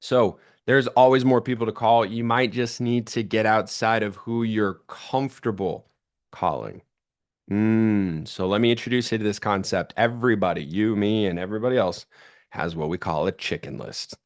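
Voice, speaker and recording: A man in his thirties delivers an energetic, chatty sales training talk, acting out the phone calls he quotes in his stories. His voice sits fairly low and moves at a moderate pace.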